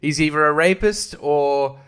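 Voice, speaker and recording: A man's voice: a little high, unhurried, fairly bright tone, clean tone. A man hosting a podcast, ranting about a film in a sarcastic, profane way, often laughing and mocking characters in put-on voices. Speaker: podcast host. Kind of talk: casual film review rant.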